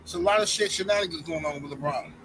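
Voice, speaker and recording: Fired-up high-voiced man ranting sports. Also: fast, fairly bright tone, slight background noise, low-quality recording. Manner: heated, addresses viewers directly as y'all. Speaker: sports commentary YouTuber. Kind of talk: opinionated sports rant to camera.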